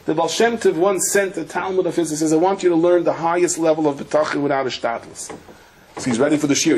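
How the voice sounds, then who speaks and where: A man giving a Torah lecture as a rabbi, telling stories with lively acted-out voices and sprinkling Yiddish and Hebrew terms. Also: on the high side, brisk, husky. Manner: animated storyteller acting out characters, with Yiddish and Hebrew terms.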